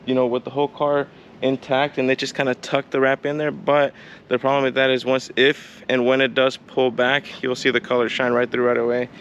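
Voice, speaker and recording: A man's voice: mid-range voice, fairly bright tone, muffled recording, a little hiss or hum. Casual chatty man vlogging outdoors. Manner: casual, chatty, addresses viewers as "you guys". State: out of breath. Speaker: car vlogger. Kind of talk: casual vlog narration. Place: outdoors on a driveway, hot day.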